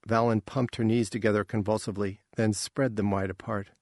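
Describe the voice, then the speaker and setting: A man reading a science fiction story aloud in a slow, measured way. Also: fairly low pitch, flat delivery, a little mellow, no room sound, clean studio sound. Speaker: narrator. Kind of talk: audiobook reading.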